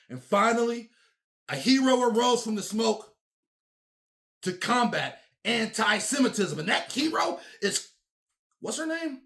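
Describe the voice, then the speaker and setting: A man's voice: lively intonation, unhurried, vocal fry, long pauses. Mocking, profane male ranter. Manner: mocking, profane, theatrical swings in pitch and loudness. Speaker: commentary host. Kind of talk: sarcastic ranting commentary.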